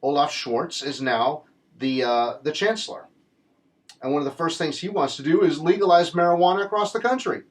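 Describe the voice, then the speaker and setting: A man's voice: fairly high pitch, normal speed. Earnest rambling man. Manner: earnest, rambling, with frequent restarts and fillers. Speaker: political commentator. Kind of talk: casual political commentary monologue.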